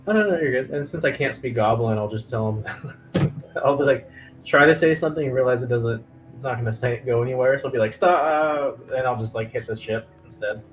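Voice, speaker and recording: A man's voice: medium pitch, brisk, poor audio. A man playing in a tabletop game, talking casually and easily about his character's actions, with faint music behind. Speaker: player.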